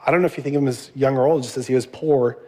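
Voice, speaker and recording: A man's voice: medium pitch, fairly even intonation, rapid-fire, darkish tone. A middle-aged man giving a sermon as a pastor, conversational, with asides to the congregation.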